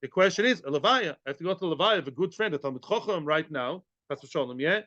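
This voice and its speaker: Bright-voiced man teaching Talmud. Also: on the high side, expressive, fast talker, no echo. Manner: explains in English mixed with Hebrew and Yiddish terms, asks the class questions. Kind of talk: daily Talmud class. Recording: dry, dull lo-fi audio.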